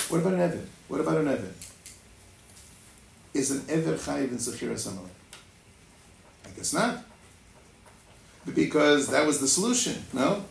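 Gravelly man teaching a Torah class. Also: mid-range voice. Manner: thinking aloud, rhetorical questions, many fillers. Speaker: Talmud teacher. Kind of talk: Torah lecture. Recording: echoey room, faint noise.

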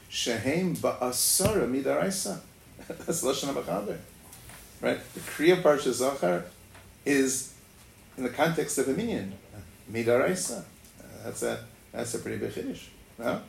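A man's voice: a little high, vocal fry. A man giving a Torah lecture, thinking aloud with many fillers and rhetorical questions. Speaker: Talmud teacher. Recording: echoey room, faint noise.

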